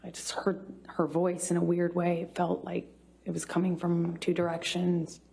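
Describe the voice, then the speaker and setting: A woman giving courtroom testimony from the witness stand, speaking haltingly with many pauses and restarts. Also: fairly low pitch, monotone, gravelly, dark tone. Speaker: trial witness.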